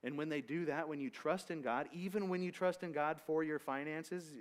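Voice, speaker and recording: A man's voice: fairly high pitch, steady tone, normal speed. A man leading a Bible study, teaching in a loose, conversational way with asides and restarts. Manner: casual, rambling with restarts and asides.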